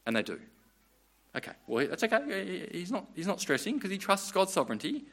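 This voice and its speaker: A man's voice: sits high, very animated, fairly quick, a bit bright. A man preaching a sermon in an earnest, conversational way, often restarting his phrases.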